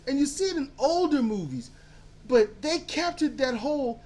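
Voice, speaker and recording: A podcast co-host in a casual movie-review chat, telling stories in an animated way and acting out quotes. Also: high-pitched, moderate pace. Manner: animated storyteller, acts out quotes; casual, swears freely.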